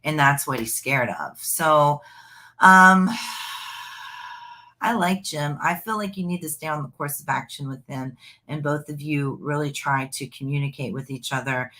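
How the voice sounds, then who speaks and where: A woman with a low voice gives a psychic reading live. She rambles in a chatty, familiar way, looping back over her points. She calls the listener "honey.". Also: a little slow, bright, forceful tone.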